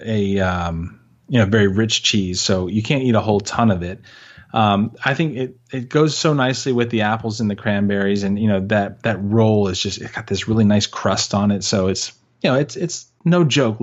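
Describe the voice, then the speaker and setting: Podcast dude joking around, lots of ums and restarts, kinda muffled lo-fi audio. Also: male voice, lowish voice. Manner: joking, playful, many fillers and restarts. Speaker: podcast co-host. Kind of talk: casual chat.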